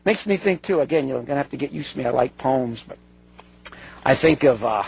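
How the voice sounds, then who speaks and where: A man's voice: mid-range voice, expressive, fairly quick, vocal fry, a little mellow, breathy edge. A man giving a conversational talk to an audience, digressive and earnest, often breaking off mid-sentence and circling back. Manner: digressive, self-interrupting, earnest. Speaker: speaker addressing an audience. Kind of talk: conversational talk with read-out quotes. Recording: dull lo-fi recording.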